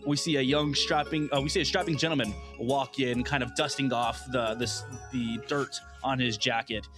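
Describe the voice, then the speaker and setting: A man narrates as game master for a tabletop role-playing game, relaxed and conversational. His voice sits at an ordinary middle pitch. Soft music plays faintly underneath. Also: normal speed. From Connecticut. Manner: casual, chatty, with southern drawl for characters.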